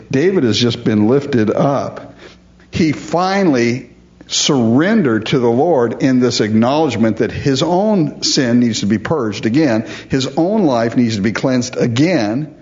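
A man preaching in an earnest, emphatic way, pressing his points home to the congregation. His voice sits at an ordinary middle pitch. The recording sounds muffled and lo-fi. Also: expressive, slow, a little mellow. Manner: earnest, emphatic preaching, addressing listeners as folks. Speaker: pastor. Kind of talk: sermon.

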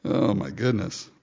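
The speaker is a pastor giving an animated sermon full of jokes, voicing the story's lines himself. His mid-range voice is husky with vocal fry. The audio quality is dull and lo-fi.

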